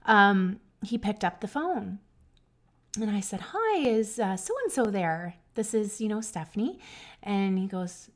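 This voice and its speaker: A woman's voice: medium pitch, lively intonation, normal speed. A woman hosting a podcast, telling a personal story in an earnest, emotional way, with many restarts and asides to her listeners. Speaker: podcast host.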